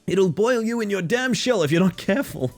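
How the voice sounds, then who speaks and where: Man doing a cocky speed-mad snail champ, brags hard, higher strained voice, game bit. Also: lively intonation, fairly quick, soft background music. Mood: boastful hype. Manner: boastful hype-man patter, swears. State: voice strained from the put-on.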